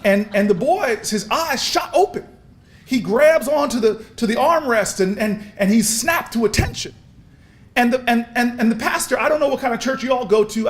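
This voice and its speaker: A man giving an impassioned, preacher-style speech at a convention, telling stories with repeated words and building to shouts. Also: very high-pitched. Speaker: speaker at a convention. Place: large convention hall.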